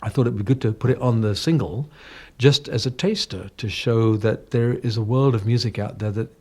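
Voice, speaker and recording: A man's voice: mid-range voice, normal speed, a little mellow, husky. Older North London man, mid-range voice, chatty and self-deprecating, radio studio guest. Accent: English, slightly Cockney and northern. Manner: chatty, anecdotal, self-deprecating, frequent restarts. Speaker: guest singer. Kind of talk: casual interview chat.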